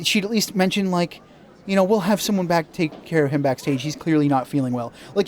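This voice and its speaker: A man hosting a let's-play, chatting casually with lots of laughter and self-mocking asides. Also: high-pitched. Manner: giggly, animated, self-mocking. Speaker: gaming channel host.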